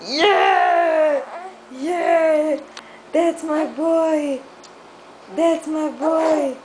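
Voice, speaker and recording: A mother talking sing-song baby talk to her infant, coaxing and tearfully excited. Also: sits high, extremely slow. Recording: noisy home video.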